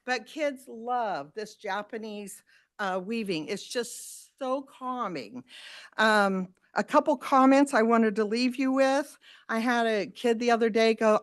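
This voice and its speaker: A woman who teaches after-school sewing, giving an animated, chatty public comment at a school board meeting. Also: a little high, unhurried. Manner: animated, chatty, quotes the kids.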